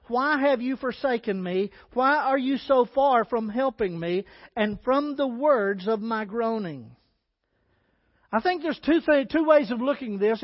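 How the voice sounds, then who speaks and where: High-voiced, deliberate male preacher. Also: no echo, dull audio. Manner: deliberate, emphatic preaching with scripture readings. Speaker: pastor. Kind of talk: sermon.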